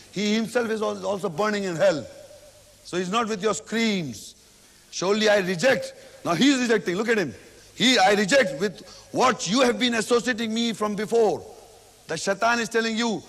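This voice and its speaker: High-voiced male lecturer in a reverberant hall. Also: gravelly, a bit bright. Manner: repetitive, explains each verse slowly, recites Arabic then translates. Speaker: Islamic lecturer. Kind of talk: religious lecture.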